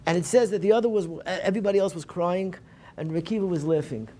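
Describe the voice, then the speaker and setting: A man's voice: sits high, quick pace, warm tone. A man giving an earnest Tisha B'Av Torah lecture at a synagogue program. He often repeats and restarts phrases and mixes in Hebrew terms.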